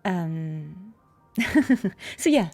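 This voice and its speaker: A young adult woman, a voice actress, chatting casually on a livestream and explaining voice technique with quick demonstrations. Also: lowish voice, lively intonation, vocal fry, darkish tone, faint music behind. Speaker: voice actress streaming a game.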